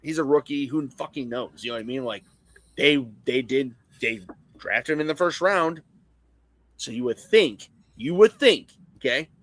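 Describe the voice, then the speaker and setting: A man's voice: mid-range voice, lively intonation, normal speed, a bit bright, no echo. A man co-hosting a casual live stream, crude and teasing, laughing often. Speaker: co-host.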